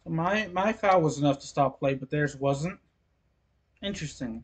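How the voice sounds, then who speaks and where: A man casually commenting on his own soccer video game, low-key and a bit sleepy, with sudden exclamations at plays. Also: normal speed. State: sleepy, yawning. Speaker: gameplay commentator.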